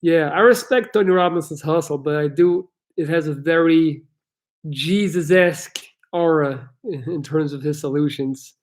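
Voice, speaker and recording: Young male life coach, a touch high-pitched, loose and profane, livestream Q&A chatter. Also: moderate pace. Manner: loose, chatty, swears, laughs often. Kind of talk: casual livestream Q&A, reading chat.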